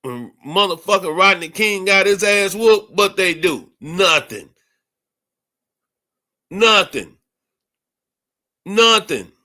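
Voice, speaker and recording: Male streamer, furious profane rant, bright forceful tone, higher-pitched. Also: expressive, unhurried, hardly any pauses. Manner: angry, profane, repetitive. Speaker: livestream host. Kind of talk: ranting livestream commentary.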